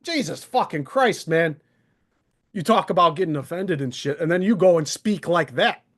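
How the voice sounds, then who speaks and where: A man's voice: a little high, lively intonation, moderate pace. A man hosting a live stream, airing his grievances in a sarcastic, aggrieved rant. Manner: aggrieved, sarcastic, mocking impressions.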